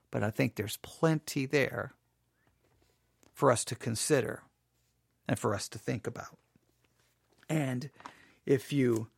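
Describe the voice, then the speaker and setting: A man hosting a Bible podcast, chatting casually and restarting his sentences, then reading scripture slowly and solemnly. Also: medium pitch, vocal fry, husky, dry recording, studio quality. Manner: chatty and self-interrupting, reads scripture in a slow solemn cadence. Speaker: podcast host and Bible teacher. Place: small home studio.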